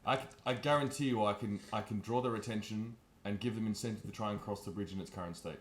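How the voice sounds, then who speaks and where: A man's voice: fairly low pitch, fast. A man playing a tabletop game, making boastful in-character declarations. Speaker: player. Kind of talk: tabletop role-play chat. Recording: roomy.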